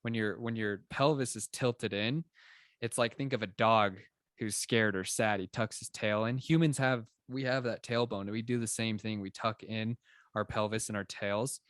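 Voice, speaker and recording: Animated man, lowish voice, dry sound. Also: moderate pace, dry recording. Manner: animated, explanatory, heavy on "like" fillers. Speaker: podcast co-host. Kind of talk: casual conversational chat.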